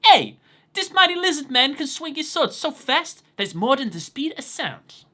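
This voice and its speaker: A man voicing a streetwise young male card duelist with a put-on Brooklyn accent, talking loud, slangy and cocky. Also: extremely high pitch, very animated, moderate pace, voice pushed up, full character voice. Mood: brash, cocky.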